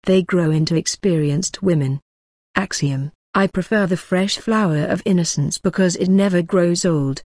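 A woman reading the part of a drunk, rambling gentleman who speaks in an oily, ornate way in an audiobook. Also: fairly low pitch, moderate pace, no echo, clean studio sound. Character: drunk rambling older gentleman, sly and mocking.

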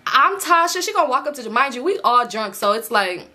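A woman from the Los Angeles area telling a storytime in a profane, animated way, often laughing as she talks. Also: fairly high pitch, fairly quick, slight background noise. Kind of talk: casual storytime.

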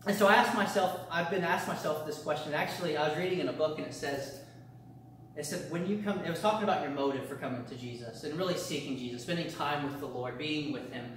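A man leads a church discipleship class in an earnest, repetitive preaching cadence, circling back and restarting his phrases. His voice sits fairly high. The sound comes from a distant mic in a very echoey room. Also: quick pace, a bit bright, slight background noise. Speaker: pastor.

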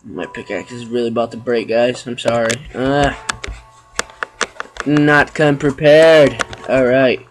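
A man giving casual gameplay commentary, chatting to viewers with sudden loud exclamations and sarcastic asides. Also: mid-range voice, steady tone, takes it slowly, background noise. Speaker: let's play gamer.

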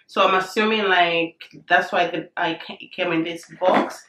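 Bubbly woman vlogger, a little hoarse from a cold, chatty and excited, recorded in an echoey room. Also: fairly low pitch, moderate pace, noisy background. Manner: bubbly, excited, says "you guys" often. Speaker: vlogger reviewing a handbag. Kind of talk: casual chatty unboxing vlog.

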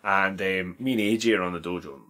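A man's voice: low-pitched, fairly quick. A young man, co-hosting a podcast and telling funny stories with laughter and swearing. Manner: animated storytelling with laughter and swearing. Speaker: podcast co-host. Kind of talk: casual chat among friends.

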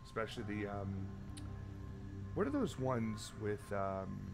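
A man's voice: on the low side, very animated, unhurried, vocal fry, music in the background. A man hosting a casual gaming stream, swearing freely while he fiddles with his audio settings. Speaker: streamer host.

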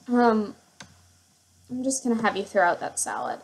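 A woman's voice: a little high, very animated, a little slow, fairly bright tone. A woman giving casual gameplay commentary, gushing and rambling with many fillers as she shows her household. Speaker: gamer showing her household.

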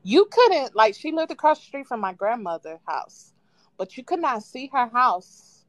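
A woman calling in to a live show, casually telling a childhood story with lively quoted voices and frequent laughs. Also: on the high side, normal speed, no room sound. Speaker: caller. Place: at home on a live call. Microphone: phone.

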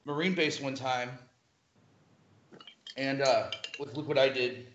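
A man's voice: medium pitch, slow pace, a little hiss or hum. A man telling band stories in casual talk, swearing freely and laughing often. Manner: profane, animated, laughs often. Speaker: guest musician. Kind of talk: casual storytelling. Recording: echoey lo-fi room recording.

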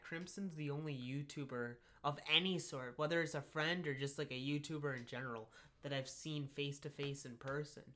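A man's voice: on the high side, pushed and bright. A man co-hosting a podcast in casual chat, telling stories in a laid-back way, full of "like" fillers. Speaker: podcast co-host.

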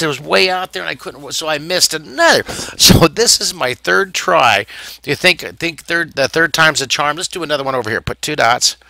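Middle-aged male drawing teacher, bright and forceful voice, dry close sound, chatty and self-mocking. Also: mid-range voice, no echo. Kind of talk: live drawing lesson. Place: art camp in Texas.

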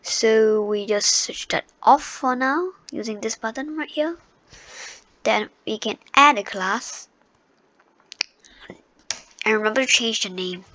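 Slow, casual woman talking through a tutorial. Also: mid-range voice, bright, forceful tone, no room sound. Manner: chatty, loose and unpolished, with many fillers and restarts. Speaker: tutorial host. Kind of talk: casual screen-recorded tutorial. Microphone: computer microphone.

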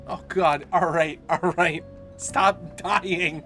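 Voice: mid-range voice, fairly even intonation, takes it slowly, a bit bright. A streamer hosting a gaming stream, sarcastic and joking, swearing often. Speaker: streamer, channel host. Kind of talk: casual gaming stream chat. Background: game music.

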